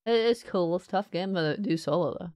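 A woman's voice: lively intonation, fairly quick, darkish tone, faint music behind. Profane, joking woman game streamer. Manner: profane, joking, rambling with sudden squeaky put-on voices. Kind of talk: casual live-stream commentary.

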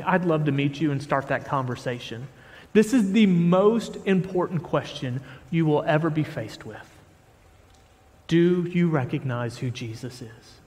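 A man's voice: a little high, big-room sound. A man preaching a sermon as pastor, reading scripture with rising force and then talking plainly to the congregation in a church sanctuary.

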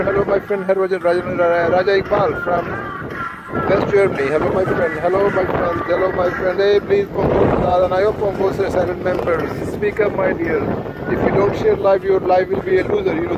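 A man, chatting casually to group members while walking a windy street, often saying "no problem" and "eh?". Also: sits high. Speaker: vlogger addressing group members. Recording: street vlog with loud music behind. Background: music playing.

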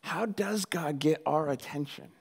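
Animated man preaching a lively sermon. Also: on the high side, measured pace, gravelly, husky. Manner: animated, jokey, acts out quoted voices. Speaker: pastor.

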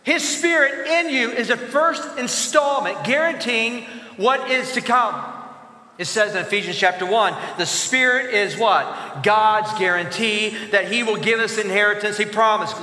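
A male pastor preaching a sermon in a church, animated, asking the congregation to answer his questions aloud. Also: high voice, a little slow. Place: church sanctuary. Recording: echoey church hall with long reverb.

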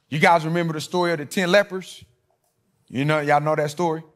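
A middle-aged man preaching a sermon, telling stories and acting out quoted voices, swinging between loud and hushed. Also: a little high, steady tone, normal speed, pauses often. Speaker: pastor.

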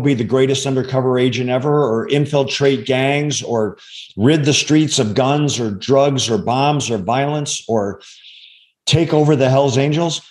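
A man in his sixties, a former undercover agent as interview guest, telling a personal story in a halting, earnest way with many restarts. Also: mid-range voice, a little mellow. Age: 60s.

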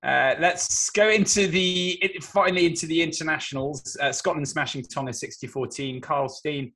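A man hosting a casual podcast chat, relaxed and easygoing, moving between topics. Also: on the high side, normal speed. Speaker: podcast host.

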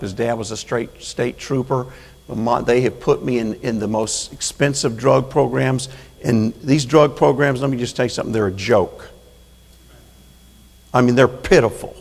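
A man's voice: medium pitch, normal speed, vocal fry, a little mellow, breathy edge, in a large hall. A man preaching as a prison chaplain in a church, folksy and plain-spoken, building to fervent calls for an amen. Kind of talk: sermon. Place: church sanctuary.

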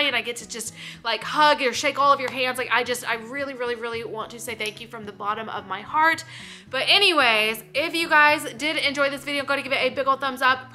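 A woman's voice: fairly high pitch, sharp tone. A young woman, talking casually to camera, emotional and full of "like". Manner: emotional, choking up and laughing; filler-heavy, repeats "like". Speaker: vlogger.

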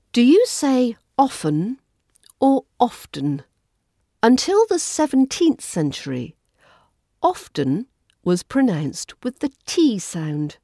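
A woman with a Southern English RP accent, hosting a podcast lesson in a clear, measured teaching voice. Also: on the high side, mellow, no echo, clean studio sound. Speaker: accent coach and podcast host.

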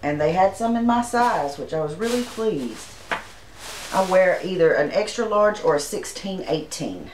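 A woman's voice: fairly low pitch, animated, normal speed, a little mellow, reverberant, slight background noise, rough recording. A woman, from Arkansas, chatting casually and homily as she shows her shopping haul to the camera. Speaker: channel host.

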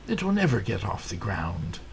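A man's voice: on the low side, wildly swooping pitch, gravelly, slight background noise, exaggerated voice, low-quality recording. A man voicing a short-legged male toad who gives up easily, in a storybook read-aloud with a whiny, fretful manner. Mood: discouraged. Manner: whiny, quick to give up.

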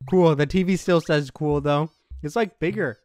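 A man giving let's play commentary, excitable and thinking aloud as he plays, laughing often. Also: on the high side, moderate pace, no echo. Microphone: headset.

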